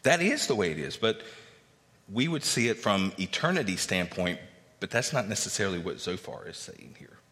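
A low-voiced man preaches in a large church hall, the long reverb trailing after his words. He teaches casually, sprinkling in fillers and tag questions, and lifts his voice to play the people he quotes. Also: moderate pace. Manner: animated, acts out quoted speakers with raised pitch. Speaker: pastor. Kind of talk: sermon with Bible teaching.

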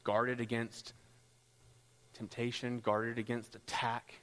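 A man preaching a sermon as pastor, rising into loud, impassioned passages. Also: monotone, takes it slowly. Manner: builds to loud, high-pitched pleading passages. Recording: long hall reverb.

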